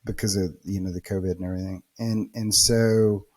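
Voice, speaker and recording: A man with a fairly low voice spins a casual story as a podcast guest. He swears freely and acts out other people's lines. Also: fairly quick. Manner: animated, swearing, acts out quotes. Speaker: podcast guest, real estate investor.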